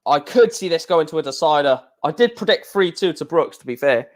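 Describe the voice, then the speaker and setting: A high-voiced man giving casual, chatty live reaction commentary. He talks straight to his viewers and bursts into excitement over big moments. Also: fairly quick. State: hiccuping. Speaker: live stream host reacting to darts.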